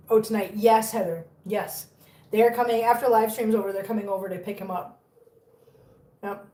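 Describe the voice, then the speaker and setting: A woman's voice: medium pitch, moderate pace, warm tone, slight background noise. A woman hosting a casual livestream from home, cooing baby talk to her cats between chatty updates to viewers. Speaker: cat rescue livestream host. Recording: echoey room, far from mic.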